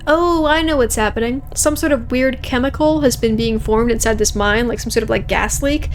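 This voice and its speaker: A young woman plays through a story game, voicing every character's lines herself without changing her voice much. She jokes casually between the dialogue in a slightly high voice. A faint hiss sits behind the recording. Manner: casual, joking, reads all characters' lines in her own voice. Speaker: let's play streamer. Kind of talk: playing a game and reading dialogue aloud.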